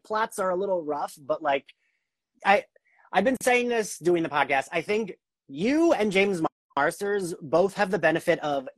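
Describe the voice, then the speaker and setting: Young woman podcast host, low voice, dry sound, rambly and super into it, says like constantly. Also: dry recording. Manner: enthusiastic, rambling, heavy use of "like". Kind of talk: casual interview chat. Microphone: video call.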